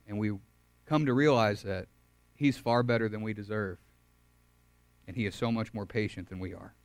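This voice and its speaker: A young man preaching a sermon to a campus group, earnest, swinging from loud emphatic lines to soft quiet ones. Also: mid-range voice, dry recording. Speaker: campus ministry speaker.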